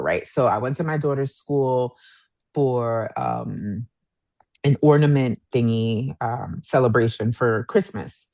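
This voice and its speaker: A woman in her thirties co-hosting a podcast, telling a story in a casual, animated way and acting out what people said. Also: very deep voice, no echo. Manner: animated storyteller, acts out quotes, says "y'all". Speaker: podcast co-host.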